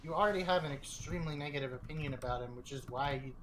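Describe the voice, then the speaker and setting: A blunt, lecturing voice takes the friend apart point by point. The pitch sits in the middle range. Clear background noise runs under the talk. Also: rapid-fire. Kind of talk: casual argument on stream. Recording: noisy background.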